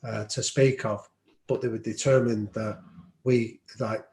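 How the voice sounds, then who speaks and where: A man's voice: fairly low pitch, little pitch movement, unhurried, a little mellow. A man telling stories as a podcast guest, reflective and anecdotal, with frequent ums. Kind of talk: storytelling in an interview. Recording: roomy echo.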